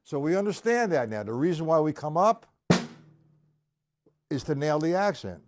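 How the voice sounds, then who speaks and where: A man teaching drum rudiments on a live stream, talking straight to viewers in the chat and counting beats out loud with strong accents. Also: on the high side, very animated, normal speed, pauses often, over loud music.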